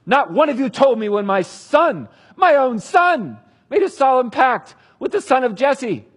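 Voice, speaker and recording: A man voicing a furious, paranoid old king who shouts accusations at his men. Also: very high voice, sing-song, unhurried, husky, pitched above the performer's own voice, exaggerated voice. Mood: furious shouting.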